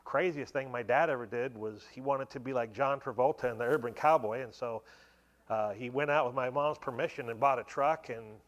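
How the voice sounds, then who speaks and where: A man's voice: mid-range voice, fairly quick, muffled recording. A man in his forties shares a personal testimony with a church congregation. He talks like he is telling a story to friends and fills it with many casual asides. His voice sits in an ordinary middle range. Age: 40s. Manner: conversational storytelling with many fillers. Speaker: speaker giving a testimony at church. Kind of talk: sermon testimony.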